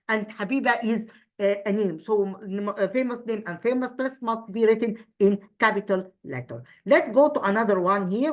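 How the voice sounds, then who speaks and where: A woman teacher with a mid-range voice goes over English grammar for an exam in an Egyptian accent, being a native Arabic speaker. She halts and restarts frequently, asking questions and then answering them herself.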